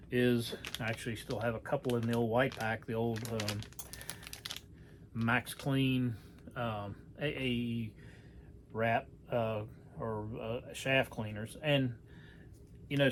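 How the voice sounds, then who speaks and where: A man's voice: mid-range voice, slight background noise. A man giving a casual hands-on demonstration, talking in a folksy, rambling way with many fillers and self-corrections. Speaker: archery how-to presenter.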